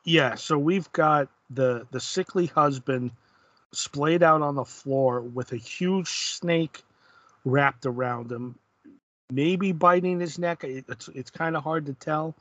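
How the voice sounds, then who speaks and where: A man's voice: fairly high pitch, takes it slowly, fairly bright tone, no echo. A man hosting a casual podcast, retelling the plot of an old horror comic in a laid-back way. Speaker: podcast host. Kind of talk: casual comic book discussion.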